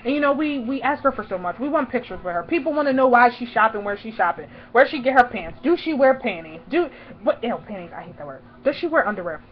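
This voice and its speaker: A woman in her twenties telling a story in a casual vlog, chatty, filling her talk with "like" and loudly acting out what she once said. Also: a little high, expressive, fast, hardly any pauses, muffled recording, slight background noise. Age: 20s. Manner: chatty, fills talk with "like", acts out her own past lines loudly. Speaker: vlogger.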